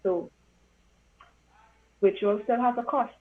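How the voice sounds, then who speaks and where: A woman's voice: a little high, steady tone, takes it slowly. A woman from Trinidad and Tobago, an events consultant, answering interview questions in an earnest, encouraging way with frequent fillers. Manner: earnest, encouraging, uses fillers like um and you know. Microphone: video call. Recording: tinny phone-like audio.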